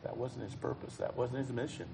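A man preaching a sermon in a folksy, emphatic way, his voice swelling loud on key phrases. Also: medium pitch, a little fast, gravelly. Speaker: pastor. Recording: echoey hall, faint background noise.

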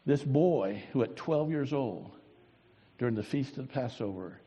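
A man preaching a sermon as pastor, swinging from booming emphasis to hushed, drawn-out words. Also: animated, breathy edge. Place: church sanctuary. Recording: long hall reverb.

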